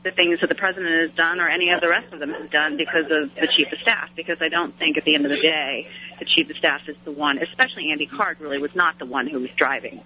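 A woman speaking as a political commentator guest on a radio talk show, rapid and full of fillers and restarts, heard over a phone line. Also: sits low, fairly even intonation, a little hiss or hum.

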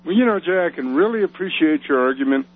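A man arguing his side on a radio talk show over the phone, his pitch a bit high for a man. He stays measured and careful, hedging and apologizing as he goes. The line sounds thin and tinny, like a phone call. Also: animated. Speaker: regular on-air guest commentator.

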